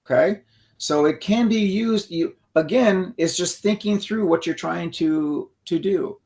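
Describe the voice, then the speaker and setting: A man's voice: high voice, unhurried, darkish tone. Explaining man who checks in with "okay?". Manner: explanatory, checks in with 'okay?', frequent restarts. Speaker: co-host. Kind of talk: instructional conversation.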